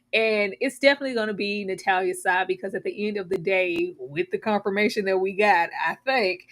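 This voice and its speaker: A woman hosting a casual live-stream discussion over a video call, animated and quick to laugh. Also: mid-range voice. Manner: animated, laughs often, trails off. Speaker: host.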